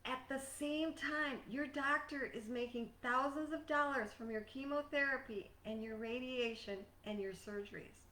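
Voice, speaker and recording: A woman life coach giving a scripted motivational talk in an earnest, measured, emphatic way. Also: high voice, bright, forceful tone. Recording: echoey room, distant mic.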